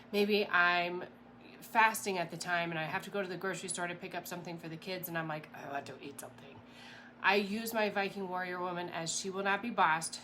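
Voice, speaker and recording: Chatty, animated woman coaching. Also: on the low side, a little hiss or hum. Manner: chatty and animated, rambling with fillers and laughs. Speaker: mindset coach. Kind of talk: casual motivational talk to camera.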